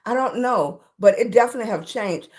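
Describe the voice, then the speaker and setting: A woman's voice: a little high, a little fast, darkish tone. A middle-aged woman hosting a casual livestream from her room, chatting and greeting viewers by name, often calling them baby. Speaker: livestream host.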